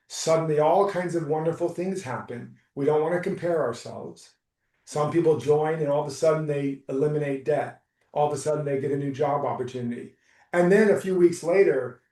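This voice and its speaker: Mellow-voiced male coach, roomy and distant. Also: on the high side. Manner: soft, reassuring, unhurried. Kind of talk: live coaching session.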